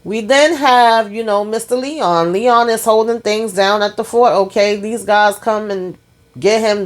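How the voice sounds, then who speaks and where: A TV recap vlogger with a mid-range voice casually recaps an episode in a chatty, colloquial style. She keeps checking in with "okay?" and "y'all" and acts out the characters' lines as she goes.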